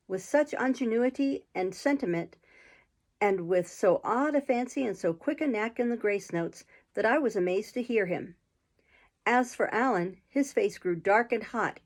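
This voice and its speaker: A woman's voice: on the high side, a little mellow. A woman reading a classic adventure novel aloud, lifting her voice for the characters' quarrelling lines. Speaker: audiobook reader.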